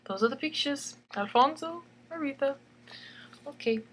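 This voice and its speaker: A woman's voice: high-pitched, lively intonation, moderate pace, very noisy. A woman reading aloud her own picture book as a playful bedtime story, with jokey asides. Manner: jokey, chatty asides, laughs at own jokes.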